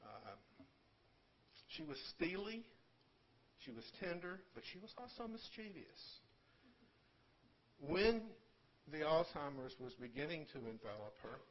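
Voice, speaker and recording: An older man delivers a funeral eulogy for his mother in a room at a service, halting and repeating words, with gentle humor. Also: mid-range voice, highs cut off, slight background noise. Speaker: son giving a eulogy.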